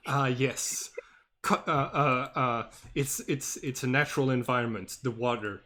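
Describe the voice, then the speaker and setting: A man running a tabletop game as game master, talking haltingly with many fillers and humming to himself. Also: medium pitch, noisy background. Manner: halting, full of fillers, hums while working.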